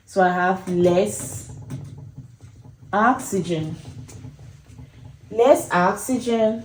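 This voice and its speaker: Slow, mellow-voiced woman teaching. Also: mid-range voice, roomy sound, a little hiss or hum, low-quality recording. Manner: slow, repetitive explaining, addresses viewers as guys. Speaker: anesthesia educator. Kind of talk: whiteboard lecture.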